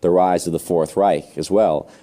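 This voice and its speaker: Deep-voiced, hesitant male interviewer. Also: fairly even intonation, moderate pace, warm tone. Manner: rambling, hesitant questioning with fillers. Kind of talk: interview questions. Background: music.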